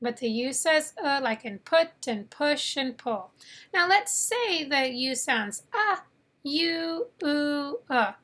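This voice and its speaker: A woman teaching phonics with a high, clear voice. She drills each sound very slowly and deliberately, pausing so the learner can repeat. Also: expressive, fairly bright tone. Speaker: English teacher. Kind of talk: phonics lesson.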